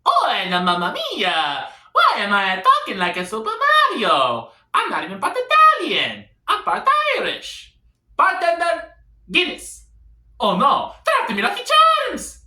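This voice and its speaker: A man hamming up a loud, bright cartoon plumber voice. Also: very high-pitched, huge pitch swings, unhurried, roomy sound, voice pushed up, full character voice. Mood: hammy. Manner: exaggerated, loud and overacted. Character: hammy video-game plumber turning stage Irishman, male.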